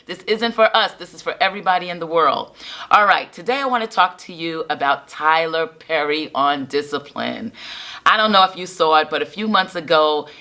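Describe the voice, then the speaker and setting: Woman host, low-pitched but bright, upbeat and preacherly, coaching parents. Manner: enthusiastic, preacherly, asks rhetorical questions. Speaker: parenting and family specialist, host. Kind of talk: casual video talk to camera.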